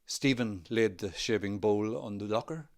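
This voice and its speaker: A man with a Northern Irish accent, an actor reading a novel aloud in a measured, expressive way. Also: on the low side. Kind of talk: literary reading.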